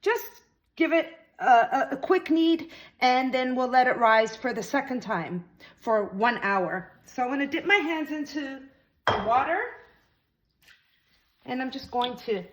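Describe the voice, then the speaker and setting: A woman's voice: high-pitched, measured pace. A woman hosting a home cooking lesson, chatty and explaining each step, a bit out of breath from kneading dough. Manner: chatty, talks viewers through each step. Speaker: cooking channel host. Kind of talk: casual cooking demonstration.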